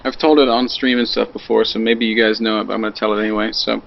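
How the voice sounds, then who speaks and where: Male podcast panelist, gravelly, casual storyteller, muffled audio. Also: fairly low pitch, fast talker, a little hiss or hum. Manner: animated, acts out quoted voices. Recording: dull lo-fi audio.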